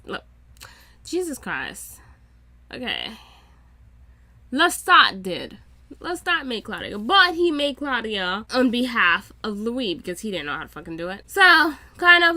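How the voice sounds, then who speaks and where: A woman reacts to a show in casual commentary, excitable and swearing freely. Her voice is high and bright, and the sound is dry and close to the mic. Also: dry recording. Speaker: reaction YouTuber.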